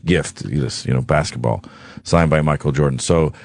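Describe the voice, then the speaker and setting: A man telling a long story on talk radio, rambling, profane and animated. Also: a bass voice, moderate pace, gravelly, no echo, clean studio sound. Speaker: studio guest.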